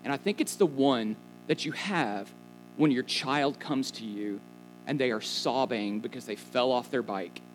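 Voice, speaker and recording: Lively, conversational male preacher. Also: medium pitch, poor audio. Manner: animated, conversational preaching with asides and questions to listeners. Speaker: pastor. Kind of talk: sermon.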